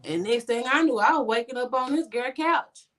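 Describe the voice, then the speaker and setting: High-voiced woman telling a story. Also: moderate pace. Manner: animated, swings pitch to act out friends' lines. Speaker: podcast guest. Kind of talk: casual storytelling.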